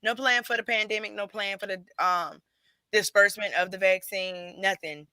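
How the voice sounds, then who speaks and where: Bright, animated woman co-host. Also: mid-range voice, normal speed, dry recording. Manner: animated, laughing, playful. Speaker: podcast co-host. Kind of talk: casual chat.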